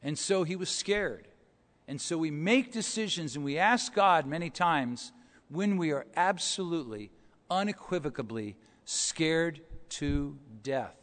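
Telling stories from the pulpit, this pastor swings between hushed asides and loud, forceful emphasis at a measured, expressive pace. His voice sits a touch high and echoes with a lengthy church reverb.

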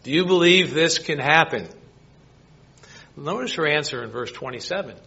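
A man's voice: fairly high pitch, animated, normal speed, gravelly, pushed and bright, slightly rough, dull audio. A man preaching a sermon, reading scripture and asking his listeners rhetorical questions. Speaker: pastor.

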